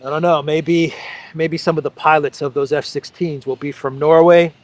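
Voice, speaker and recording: A man's voice: a little high, steady tone, normal speed. A man hosting a solo political commentary show, talking sarcastically and repeating phrases for effect.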